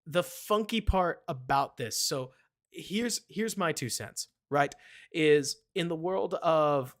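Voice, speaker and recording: A man's voice: fairly high pitch, slow. A man, hosting a casual live football stream, rambling, answering viewers by name.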